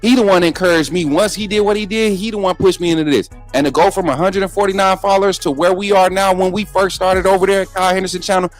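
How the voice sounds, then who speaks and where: Man, high voice, live sports talk host, combative, repeats himself, faint music behind. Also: fairly even intonation, quick pace, hardly any pauses. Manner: combative, repeats himself, talks straight to viewers.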